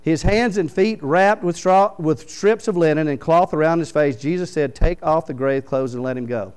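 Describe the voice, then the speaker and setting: A man, a pastor preaching a sermon in church, reading scripture aloud and explaining it with animated stories. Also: on the high side, moderate pace, smooth, poor audio. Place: church sanctuary.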